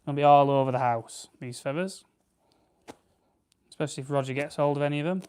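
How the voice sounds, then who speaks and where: Here a South Yorkshire man with a smooth, clear, slightly high voice hosts a livestream, speaking fast with fairly even intonation and a darkish tone. He's casually plucking grouse, rambling along and reading out viewer comments.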